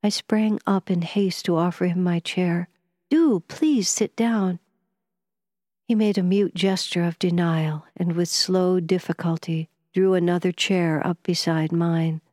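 A woman with a lowish voice reads a novel aloud in the first person, at a measured, even pace. The recording is dry and close, with no room sound around her. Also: no room sound. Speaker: audiobook narrator. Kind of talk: scripted first-person narration.

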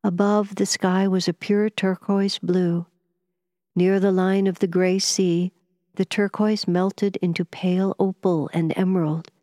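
In clean studio sound with no echo, a low-voiced woman narrates a story. She is an audiobook narrator delivering scripted first-person narration with measured, even pacing.

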